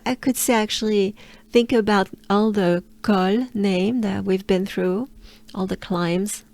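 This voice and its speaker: A woman's voice: medium pitch, slow, darkish tone, no echo. A woman from France with a French accent, giving a patient pronunciation lesson and repeating each sound several times. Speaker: pronunciation coach.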